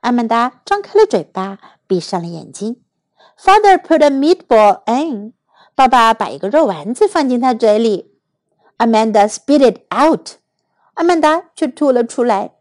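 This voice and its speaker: A woman reading a children's picture book aloud slowly and clearly, in two languages. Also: on the high side, no room sound. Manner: slow, clear, expressive reading. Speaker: storyteller. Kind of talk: bilingual storybook read-aloud for children.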